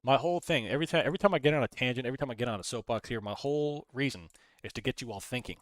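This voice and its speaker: A man's voice: mid-range voice, racing, dry recording. A man hosting a casual live stream, rambling, reading chat messages aloud and talking through his trades. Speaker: livestream host.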